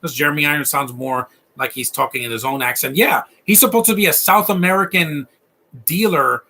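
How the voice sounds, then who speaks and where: A man with a Latino accent hosts a casual live stream, chatting about films while they play. He rambles and keeps restarting his sentences, and he gets worked up about bad accents. His voice is bright and a little husky. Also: a little high, fairly quick. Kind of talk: casual film commentary.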